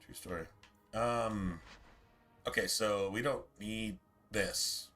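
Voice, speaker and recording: A man's voice: fairly low pitch, fairly even intonation, takes it slowly, bright, forceful tone, faint music behind. A man streaming a video game, chatting casually in a rambling way, full of restarts and asides. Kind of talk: casual chat while streaming gameplay.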